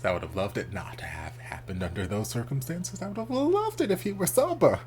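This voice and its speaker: A man hosting a reaction video talks casually, frankly and expressively. He throws in a curse word here and there in an otherwise easygoing, mid-pitched voice. A faint hum sits behind his voice. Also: a little fast. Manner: candid and expressive, swears casually.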